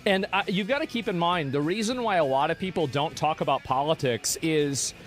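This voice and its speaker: Dismissive man, slightly high voice. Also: brisk, faint music behind. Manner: dismissive, stumbling restarts. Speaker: streamer in a played clip. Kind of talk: casual stream commentary.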